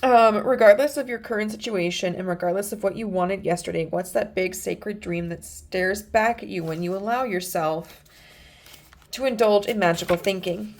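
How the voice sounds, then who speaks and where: A woman giving a pick-a-card tarot reading, gentle and earnest, with many fillers and restarts. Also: medium pitch, moderate pace. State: emotional, near tears. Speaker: tarot reader.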